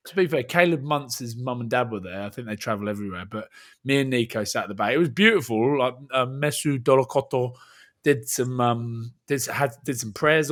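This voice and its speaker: Brief: male podcast co-host, lively storyteller, mid-pitched, quick to laugh. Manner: animated storytelling, laughs often. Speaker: podcast co-host and rugby commentator. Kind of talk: casual podcast chat.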